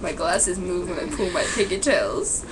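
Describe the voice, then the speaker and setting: A woman vlogger telling a rambling made-up story, acting out the quotes with loud outbursts. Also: fairly low pitch, lively intonation, measured pace, background noise.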